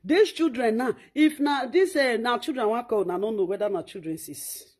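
Speaking in Nigerian Pidgin English, a woman rants and scolds online, mocking and insulting her target while calling herself by the third person. Her voice sits on the high side with a darkish tone and a breathy edge, at a moderate pace.

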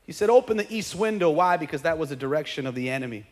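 A man preaching a sermon as pastor. He swings from quiet conversational asides to shouted preaching and acts out comic voices of churchgoers. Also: a little high, lively intonation, fast talker, long reverb tail. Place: church sanctuary.

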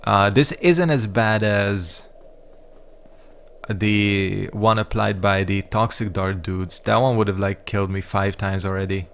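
A man's voice: lowish voice, steady tone, a little slow, fairly bright tone. A man giving casual let's-play commentary, rambling and reacting to the game with frequent swearing. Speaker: gaming YouTuber.

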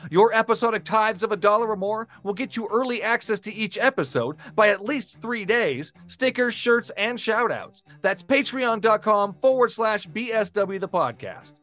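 High-voiced, teasing male podcast host. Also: expressive, normal speed, hardly any pauses, fairly bright tone, soft background music. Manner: playfully skeptical, teasing. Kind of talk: casual podcast chat and outro.

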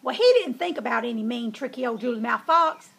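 A woman's voice: a little high, animated, brisk, vocal fry, a bit bright, husky. A woman reading a children's story aloud in a folksy, drawling way.

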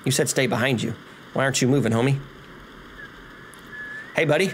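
A man giving casual, profane let's-play commentary, excitable and laughing. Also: medium pitch, a little fast. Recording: noisy home recording.

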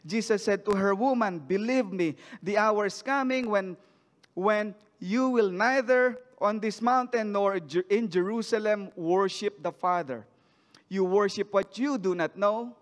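A man's voice: sits high, measured pace. A man preaching a sermon, reading scripture aloud and then asking the congregation questions about it. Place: church sanctuary. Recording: long church hall reverb.

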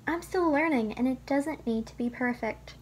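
A woman voicing a small child who gets upset quickly, with loud, wailing outbursts. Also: sits high, slight background noise, close to an everyday voice. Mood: relieved.

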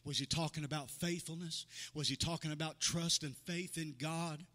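A man's voice: on the high side, steady tone, moderate pace, pushed and bright, big-room sound. A male pastor preaching a sermon to his congregation. He builds in fervor, acts out the voices of the people in his stories and calls to members by name. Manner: preaching with rising fervor, acting out quoted voices. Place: church sanctuary.

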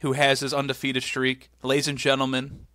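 A young male podcast host chats in a rambling, jokey way. His voice is bright and forward, recorded dry and close with no room sound. He sits at a middling pitch. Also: monotone, moderate pace, dry recording. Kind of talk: casual chat.

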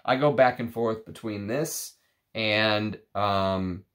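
Enthusiastic low-voiced man reviewing perfumes. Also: slow, a bit bright. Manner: enthusiastic, gushing with restarts and fillers. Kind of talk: casual video review.

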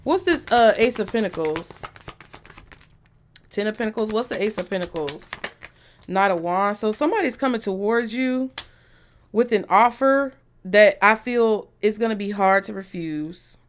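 A woman's voice: medium pitch, lively intonation, unhurried. A woman giving a tarot reading to her viewers, speaking bluntly and emphatically with a lot of profanity. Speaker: tarot reader.

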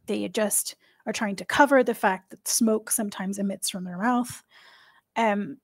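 A woman game master narrating a tabletop scene at a slow, unhurried pace. Her voice sits at a middle pitch and sounds close and dry. She describes each detail plainly and takes her time. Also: dry recording.

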